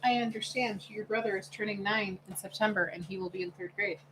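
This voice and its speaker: A woman's voice: medium pitch, steady tone, brisk, a bit bright, slight background noise. A middle-aged woman co-hosting a casual livestream, reading viewer comments aloud in a chatty, motherly way. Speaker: livestream co-host.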